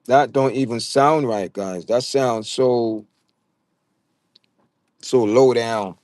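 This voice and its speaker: A man's voice: medium pitch, slow pace, darkish tone, dry recording. A man with a Jamaican accent hosting a casual livestream, talking straight to his chat viewers and often stammering and repeating words. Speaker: livestream host.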